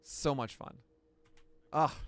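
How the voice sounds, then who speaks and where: A man hosting a pitching analysis, talking through each pitch with excitable outbursts. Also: slow. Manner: excitable, bursts into shouts and laughs. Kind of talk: excited play-by-play pitch breakdown.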